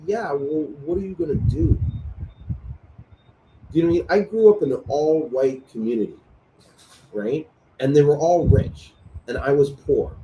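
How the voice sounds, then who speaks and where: A man chatting casually and telling animated stories, swearing freely, recorded in a room at night. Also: a little high, slight background noise, rough recording. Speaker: host. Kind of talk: casual chat. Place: room at night lit by a selfie light.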